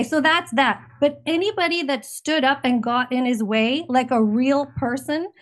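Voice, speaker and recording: A middle-aged woman from Canada talks politics in casual chat, rambling and emphatic, and she sounds indignant. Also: high-pitched. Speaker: guest commentator.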